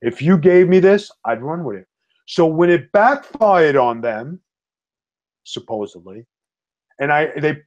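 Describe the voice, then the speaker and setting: A middle-aged man telling wrestling-career stories in a blunt, tough-talking, animated way, as a podcast guest. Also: fairly high pitch, a little slow, long pauses. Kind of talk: storytelling in casual chat. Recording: slightly dull lo-fi audio.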